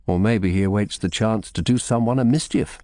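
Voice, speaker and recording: A man's voice: fairly low pitch, brisk, mellow, no echo, studio quality, close to an everyday voice. A man voicing a shrewd middle-aged lawyer who speaks firmly and asks probing questions.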